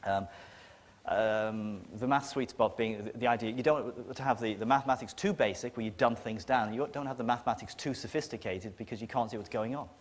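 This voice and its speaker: A man's voice: mid-range voice, fairly quick. A man with a northern English accent giving a talk to an audience, blunt and emphatic, with a sardonic edge. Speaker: conference speaker. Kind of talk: lecture to an audience. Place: lecture hall with an audience. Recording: long reverb of a lecture hall.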